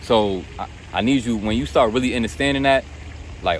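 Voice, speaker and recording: A man's voice: medium pitch, a little fast, slight background noise. A man giving an unscripted motivational rant straight to camera, blunt and profane, calling the listener bro and repeating himself. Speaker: self-help video host.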